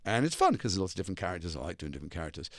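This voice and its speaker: Lively, fast-talking man telling stories. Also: deep voice, no room sound, clean studio sound. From Liverpool, England. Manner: animated storyteller who acts out other voices. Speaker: actor guest. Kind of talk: anecdotal interview talk.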